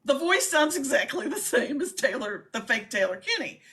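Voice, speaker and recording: A woman's voice: high voice, sing-song, moderate pace, a bit bright. A woman co-hosting a casual live-stream chat, talking in a chatty, emphatic way.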